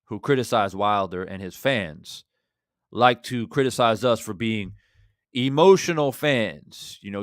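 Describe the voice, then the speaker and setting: A man hosting a fan reaction channel, talking in an impassioned, rhetorical way that swings between loud and quiet. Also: lowish voice, no echo, clean studio sound. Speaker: boxing channel host.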